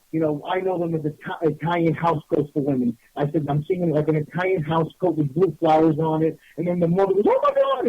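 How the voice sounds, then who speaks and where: Casting: husky, slightly high man telling a rambling story on a lo-fi radio show. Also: no room sound. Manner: animated, rambling, many restarts. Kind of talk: casual storytelling. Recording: dull lo-fi radio audio.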